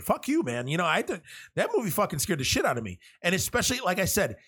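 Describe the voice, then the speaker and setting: A man's voice: high-pitched, sing-song, quick pace, fairly bright tone, slightly rough. A man talking in a casual, rambling monologue, swearing often and restarting his sentences a lot. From half Cuban. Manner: rambling, profane, lots of restarts.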